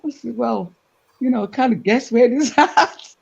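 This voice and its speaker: A woman telling a gossipy anecdote in a casual chat, animated and full of asides. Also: on the high side, unhurried, gravelly, husky. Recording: dull lo-fi recording.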